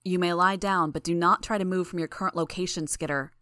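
A woman voicing a deep-voiced machine suit that gives flat, formal commands. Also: brisk, no echo, studio quality. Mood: commanding.

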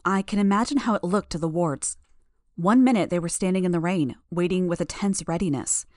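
Steady, lower-voiced woman audiobook reader. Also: a little fast, no room sound, clean studio sound. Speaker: audiobook narrator. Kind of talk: first-person audiobook narration.

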